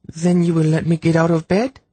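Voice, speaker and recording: A man's voice: on the high side, flat delivery, brisk, dark tone, husky, no echo, voice pushed up. Man putting on a sulky young queen. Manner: petulant, sarcastic. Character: sulky, spirited young queen confined to bed.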